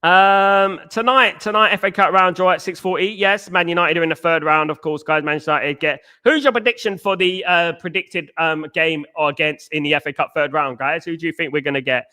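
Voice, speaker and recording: A man hosts a casual fan live stream and talks bluntly, circling back to the same phrases. His voice sits a little high for a man and sounds bright and forceful. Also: brisk, hardly any pauses. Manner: blunt, repetitive, peppers talk with "mate" and "big up". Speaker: fan channel host reading live chat.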